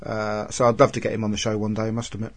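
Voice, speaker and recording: A man's voice: lowish voice, monotone, racing, creaky. A man hosting an interview, eager and enthusiastic and apt to get carried away. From England. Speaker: podcast host. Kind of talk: casual interview chat.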